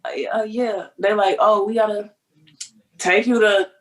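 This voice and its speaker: Woman in her twenties from Detroit, animated storyteller who acts out every quoted voice and curses freely. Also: mid-range voice, measured pace. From Detroit, United States. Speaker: podcast guest. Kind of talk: casual storytelling chat.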